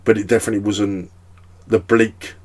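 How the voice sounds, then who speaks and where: A man's voice: fairly low pitch, little pitch movement, normal speed, a little mellow. A young man hosting a podcast, chatting casually in a rambling way with lots of fillers and swearing. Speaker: podcast host. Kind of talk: casual chat.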